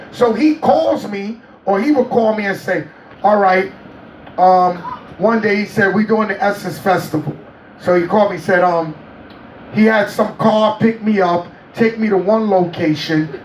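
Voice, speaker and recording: A man telling a story in an interview, animated and laughing often as he acts out what people said. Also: sits high, echoey room, far from the mic, a little hiss or hum, rough recording. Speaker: interview guest.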